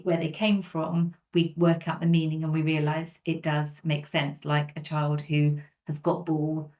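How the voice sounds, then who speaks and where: A woman's voice: sits low, a little mellow. A woman from England, a speech and language therapist explaining earnestly in a podcast conversation, with everyday examples.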